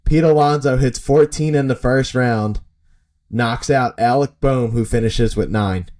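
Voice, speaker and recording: With a medium-pitched, slightly mellow voice and an unhurried delivery, this podcast co-host talks baseball in a casual way. He acts out how players react and laughs in bursts.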